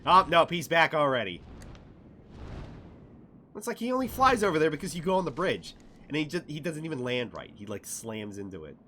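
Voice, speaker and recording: A man commentating his own gameplay stream in a bright, lively voice that jumps from muttering to loud outbursts. He swears constantly and laughs often. Faint noise sits behind him. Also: fairly high pitch, fairly quick, pauses often. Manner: profane, excitable, laughing often.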